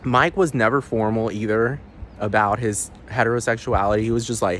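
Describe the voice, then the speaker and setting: A man's voice: mid-range voice, brisk, fairly bright tone, slight background noise. A man ranting to the camera in a profane, rambling vlog monologue, often asking the viewer if they understand. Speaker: vlogger.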